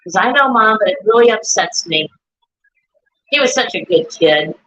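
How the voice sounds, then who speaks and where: Bright-voiced woman on lo-fi audio. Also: mid-range voice, expressive, moderate pace. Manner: rambling, quotes her son and herself. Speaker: grieving mother and guest. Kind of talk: casual live chat. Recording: dull lo-fi stream audio.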